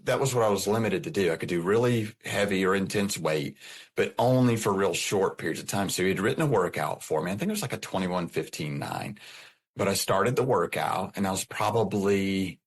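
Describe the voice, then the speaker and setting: A man's voice: low-pitched, breathy edge. A middle-aged man, a podcast guest, telling his personal story in an earnest way, often repeating and restarting his phrases.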